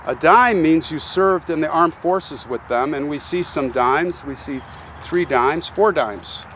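A man's voice: on the high side, measured pace, a bit bright, a little hiss or hum. A man hosting an on-location vlog at a military cemetery, speaking earnestly and reverently straight to his viewers. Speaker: channel host visiting a grave.

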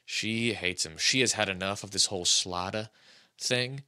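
A man in his thirties hosting a casual sports podcast, talking in an animated, rambling, jokey way. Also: on the low side, normal speed, clear, resonant tone. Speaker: podcast host.

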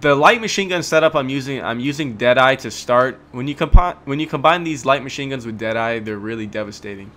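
A young man giving relaxed, chatty gameplay commentary, full of ums and self-corrections. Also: medium pitch, fairly quick, hardly any pauses.

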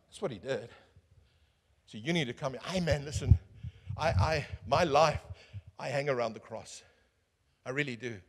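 A man preaching a sermon as pastor, swinging from booming calls to hushed asides and asking the crowd questions. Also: expressive, fairly quick, pauses often, slightly rough. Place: church hall. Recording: echoey church hall.

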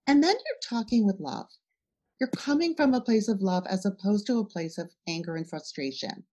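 A middle-aged woman chats as a podcast guest, her pitch swinging up and down as she gets into it. She keeps slipping into little acted-out scenes with her kids to make her point. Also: normal speed. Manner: animated, talks through examples with acted-out dialogue. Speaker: podcast guest, parenting educator. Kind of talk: casual podcast interview.

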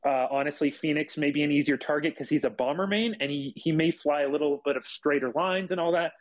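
Halting young man coaching his game team. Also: a little high, poor audio. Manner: halting, full of fillers and restarts. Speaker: squadron leader and streamer. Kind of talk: casual team voice chat during a game.

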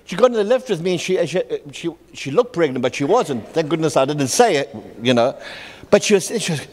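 A middle-aged man preaching a sermon, telling stories with halting restarts and acting out the people in them. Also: fairly high pitch, big pitch swings. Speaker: pastor. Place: church hall. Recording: long reverb in a church hall.

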